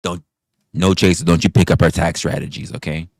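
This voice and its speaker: A man hosting a live stream, ranting and arguing with chat, swearing often, firing off rhetorical questions and shouting out donors. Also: deep voice, fairly even intonation, brisk, vocal fry, no room sound, clean studio sound. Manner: profane, argumentative, fires rhetorical questions; reads out and thanks viewer donations. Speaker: livestream host. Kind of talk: live-stream commentary and rant.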